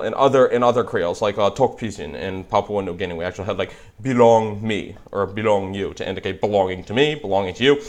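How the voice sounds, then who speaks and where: A young man with a New England accent, hosting a casual language video where he reads aloud and explains as he goes, thinking out loud with many fillers and restarts. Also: on the low side. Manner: thinking aloud, frequent fillers and restarts, slow careful spelling.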